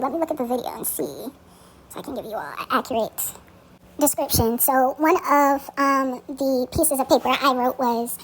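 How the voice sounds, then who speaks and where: 一位女性以随意的口吻一步步讲解一个灵性咒语的做法，常带"嗯"，偶尔说粗话。. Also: female voice, sits high, poor audio. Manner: relaxed, frequent ums, occasional swearing. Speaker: spiritual practitioner teaching a spell. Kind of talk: casual spoken tutorial.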